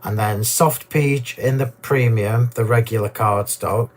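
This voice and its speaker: A man hosting a card-making demonstration, chatty and gushing, a little hoarse from losing his voice. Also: mid-range voice, unhurried. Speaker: crafting demo host.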